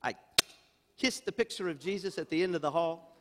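A male pastor voicing a cheerful, giggly little old Hungarian woman with a Hungarian accent and a high little voice, in an echoing church hall. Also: brisk, natural voice. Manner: cackling, bubbly.

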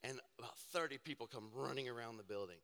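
A man's voice: mid-range voice, fast. Man preaching through hall reverb. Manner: animated storytelling, self-deprecating humor. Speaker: pastor. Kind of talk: sermon with personal story.

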